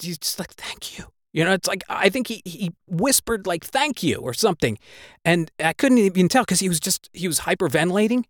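A high-voiced man recounts something gripping that happened to him, swearing constantly and rushing breathlessly through the retelling. At times he gets worked up and his words grow heavy with emotion. It's a dry, close recording with no surrounding room.

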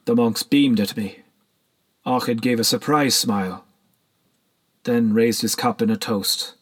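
Guy reading a story out, calm even narration, mid pitch, thoughtful. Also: a little slow.

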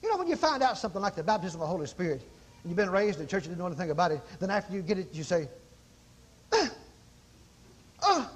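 A man's voice: high-pitched, expressive, very fast, breathy edge. A man preaching a sermon in a folksy, dramatic manner, acting out exclamations as he teaches.

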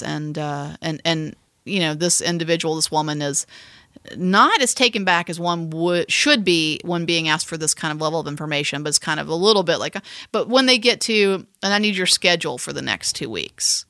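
A woman co-hosting a casual podcast, telling a story in a playful, animated way. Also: sits low, fairly quick, no echo, clean studio sound. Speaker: podcast co-host. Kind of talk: casual chat.

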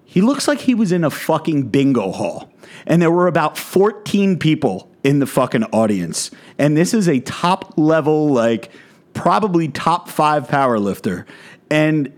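A man's voice: on the high side, very animated, measured pace. A man, a fitness content creator, delivering a blunt, profane rant in a vlog monologue.

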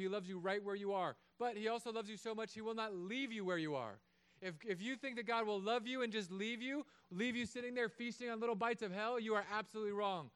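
A pastor in his thirties preaches in church with lively, humorous energy, acting out small character voices. His voice sits high and sounds clean.

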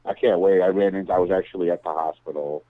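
A man's voice: sits low, fairly even intonation, fast talker, no echo. A man chatting casually as an interview guest, rambling through stories and swearing freely. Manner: rambling storyteller, swears, mimics others. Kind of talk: casual chat. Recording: tinny dry phone line.

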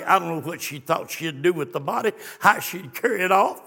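A man preaching a fiery sermon, swinging from hushed storytelling to shouted exclamations. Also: high-pitched, expressive, brisk, creaky, few pauses, breathy edge. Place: church sanctuary. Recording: long church reverb.

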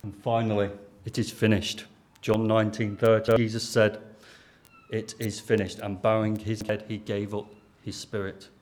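This preacher, a man from Lancashire, England, with the region's accent, delivers his sermon in a lowish, slightly mellow monotone at a moderate pace. He talks earnestly and plainly, like he is chatting, and keeps turning questions over to the audience.

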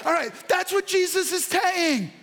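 A pastor delivers a sermon in a strikingly high male voice. He talks straight to the people in front of him and to those watching online, and often breaks into excited, shouted bursts. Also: a little slow, a loud crowd, heavy background noise. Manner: addresses congregation and online viewers directly.

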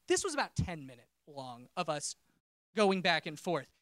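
A man's voice: on the high side, sing-song, normal speed, fairly bright tone, no room sound, clean studio sound. A man preaching a personal testimony, telling a story in a casual, conversational way and often breaking off and restarting his sentences. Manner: conversational storytelling, self-interrupting.

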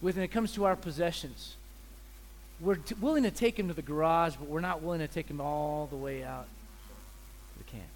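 A visiting preacher, a man giving a sermon in an animated, joking way, acting out little scenes. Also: a little high, normal speed, a little hiss or hum. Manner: animated, joking, acts out voices.

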